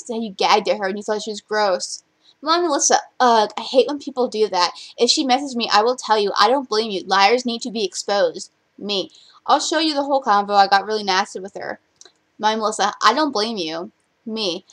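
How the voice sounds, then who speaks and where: A young woman with a voice of ordinary pitch, talking straight to her own vlog camera. She rants bluntly and swears often, reading other people's chat messages aloud in a running string of complaints. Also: fairly bright tone. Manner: blunt, profane, rapid-fire ranting. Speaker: vlogger.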